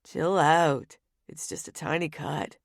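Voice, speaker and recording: A female narrator voicing a gruff, protective man who talks curtly, in an audiobook. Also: sits low, fairly even intonation, slow, dry recording, studio quality, full character voice.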